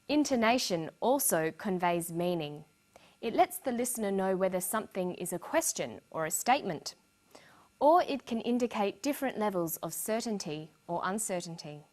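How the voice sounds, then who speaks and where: A woman narrating a scripted English lesson with slow, clear explanations. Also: mid-range voice, lively intonation, a little mellow. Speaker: English teacher.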